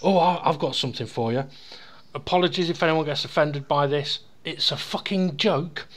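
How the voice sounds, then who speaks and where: A man's voice: on the high side, normal speed. A man hosting a casual podcast chat, rambling and sweary, with jokes. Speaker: podcast host.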